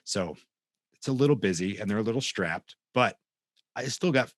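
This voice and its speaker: A man's voice: on the low side, expressive, moderate pace, no echo. A man co-hosting a podcast, chatting casually and enthusiastically with casual swearing. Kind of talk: casual chat.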